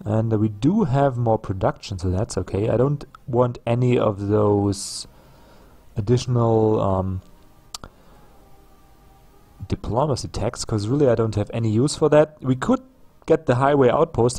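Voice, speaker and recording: A man narrating his strategy game session in an unhurried, thinking-out-loud way. He talks slowly, with a mid-pitched voice and plenty of pauses and restarts while he weighs his options. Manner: unhurried, musing aloud with many ums and restarts. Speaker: gameplay commentator. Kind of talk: casual let's play commentary.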